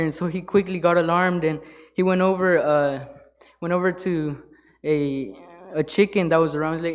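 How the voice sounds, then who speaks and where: A man speaking from the pulpit in an informal sermon. He halts often, filling gaps with fillers and starting sentences over. His voice sits slightly high for a man. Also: fairly even intonation. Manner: halting, with many fillers and restarts. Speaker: lay church speaker. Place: church sanctuary.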